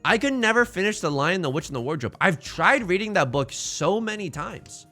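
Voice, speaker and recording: A man's voice: high-pitched, normal speed, faint music behind. A man streaming, chatting casually and jokingly with viewers while playing a game. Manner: rambling, jokey, animated asides.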